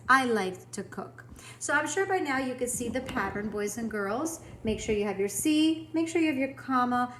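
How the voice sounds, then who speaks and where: Encouraging woman teacher, fairly high voice, clear and upbeat, recorded lesson with a faint background hiss. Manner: upbeat, clear and encouraging, slowing down to model example sentences. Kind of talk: recorded Spanish lesson for students.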